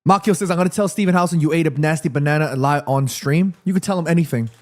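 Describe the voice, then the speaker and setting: A man from Korea hosting a live football watchalong stream, reading chat aloud, eating snacks and reacting loudly to the match. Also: on the high side, fast talker. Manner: chatty, reads chat aloud, excited shouts at match action.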